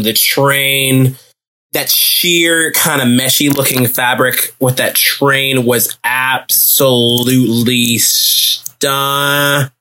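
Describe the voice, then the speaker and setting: A man hosting a podcast episode, reviewing in a gushing, casual way with lots of fillers, restarts and repeated phrases. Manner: lively pitch jumps when excited. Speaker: podcast host. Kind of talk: casual solo review chat.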